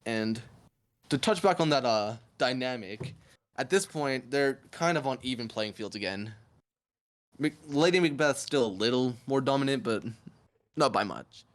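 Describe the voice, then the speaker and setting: A man's voice: medium pitch, animated, normal speed. Joking young man hosting a podcast. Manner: joking, laughing, slangy. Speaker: student podcast host. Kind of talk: casual school podcast chat.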